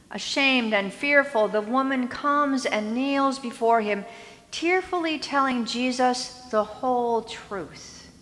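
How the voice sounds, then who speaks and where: A woman pastor delivering a sermon, retelling a story in a slow, deliberate storytelling manner. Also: fairly high pitch, pushed and bright, in a large hall. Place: church sanctuary.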